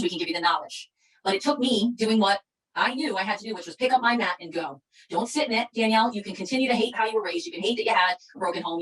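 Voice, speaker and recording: A woman's voice: medium pitch, low-quality recording. A middle-aged woman giving a fervent, preachy motivational speech as a leader of a sales company. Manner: fervent, preachy, rapid-fire. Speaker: MLM company leader giving a training talk.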